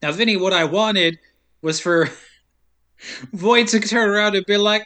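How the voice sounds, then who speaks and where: High-voiced man wryly recapping a plot. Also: measured pace, clear, resonant tone. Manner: wry, deadpan storytelling with frequent laughs and silly asides. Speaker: podcast co-host recapping a film. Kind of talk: casual comedic plot recap.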